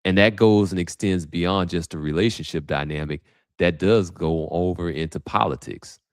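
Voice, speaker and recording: A man's voice: low-pitched, moderate pace, clean tone, no echo, studio quality. A man hosting a livestream, talking casually and thinking aloud with many restarts. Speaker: host. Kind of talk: livestream commentary.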